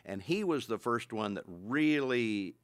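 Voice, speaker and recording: An older man, a voice actor, explaining his craft in a relaxed interview, plainly and with easy chuckles. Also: mid-range voice, a little slow. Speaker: voice actor guest. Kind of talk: casual interview talk.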